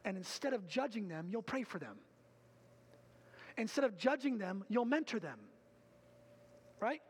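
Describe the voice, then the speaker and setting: A male pastor giving an energetic, conversational sermon with casual asides and building emphasis. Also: high voice, unhurried, slightly rough, big-room sound.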